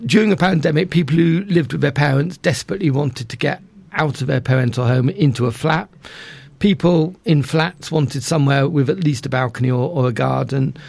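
Gravelly-voiced man, self-deprecating. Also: on the high side, brisk, a little mellow. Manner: self-deprecating, restarts his sentences often. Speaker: interview guest, estate agent. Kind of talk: casual radio interview.

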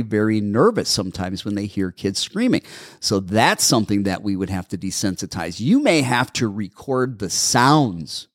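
A man who trains dogs answers listener questions on an advice show, explaining steps patiently and repeating them, his voice a little hoarse. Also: fairly low pitch, no room sound, studio quality. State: slightly hoarse.

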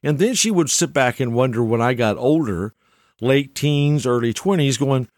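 A man's voice: mid-range voice, animated, normal speed, darkish tone, no room sound, studio quality. An older man telling stories in a casual, rambling monologue, chuckling often and restarting his sentences. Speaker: storyteller.

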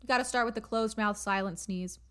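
A young woman co-hosts a casual podcast chat over a remote call mic, giggling often and telling stories with animation. Her mid-range voice is brisk, clear, and resonant.

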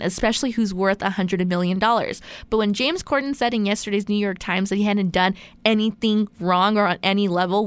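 A woman's voice: medium pitch, smooth, no echo. A woman co-hosting a casual podcast, recounting a news story in a chatty way. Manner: chatty storyteller, many fillers. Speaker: podcast co-host.

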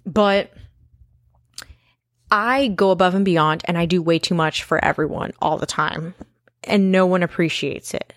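A woman's voice: lowish voice, steady tone, measured pace, dry recording, studio quality. Candid, swearing young woman vlogger. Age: 20s. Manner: candid, emphatic, swears casually. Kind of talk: casual confessional monologue.

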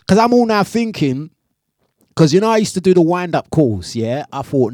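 A man hosting a breakfast radio show, telling stories in animated, slangy chat and laughing often. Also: a little high, normal speed, no room sound, studio quality. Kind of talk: casual live radio chat.

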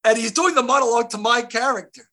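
Bright, animated male actor storyteller. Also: extremely high pitch, quick pace. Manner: animated, many restarts and fillers. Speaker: actor guest. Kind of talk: casual interview storytelling.

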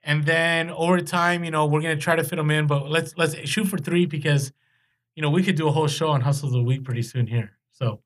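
A man co-hosting a podcast in casual chat, animated, his pitch jumping when he gets excited. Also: a little fast. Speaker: podcast co-host.

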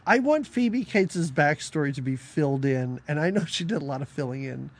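A man's voice: on the high side, expressive, moderate pace. A man co-hosting a podcast, chatting casually about a film, laughing often and jumping between topics. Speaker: podcast co-host. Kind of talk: casual film review chat.

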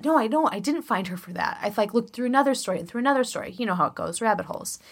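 A woman in her thirties from Chicago co-hosts a podcast in chatty storytelling. Her voice is fairly high and placed forward, with a musical-theater ring. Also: lively intonation, rapid-fire. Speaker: podcast co-host. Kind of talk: casual chat.

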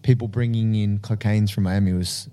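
A man in loose, animated conversation about films, his voice warm and mellow rather than bright. He swears freely and jumps into acted-out movie lines with excitement. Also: on the low side, normal speed. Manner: animated, swearing, acts out film quotes. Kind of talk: casual movie chat.

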